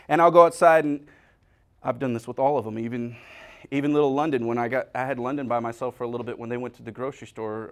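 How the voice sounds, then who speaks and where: A male pastor giving a humorous, conversational sermon, acting out little scenes and talking straight to his congregation. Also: mid-range voice. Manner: animated storyteller, acting out scenes; talks directly to the congregation.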